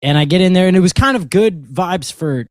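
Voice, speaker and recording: Male podcast co-host, animated storyteller, slightly higher voice, dry sound. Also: a little fast, no echo. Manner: animated storytelling, laughs often. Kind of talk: casual chat.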